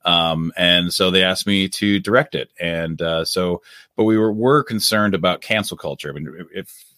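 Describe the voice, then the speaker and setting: A man's voice: low voice, normal speed, sharp tone, no room sound, clean studio sound. A man, a documentary director, talking casually as a guest in an interview, earnest and rambling with many restarts.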